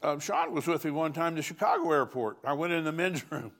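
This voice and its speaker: A man's voice: on the high side, fairly quick, fairly bright tone. An older man, a pastor, preaching at a conference in a folksy, storytelling way, chuckling between lines.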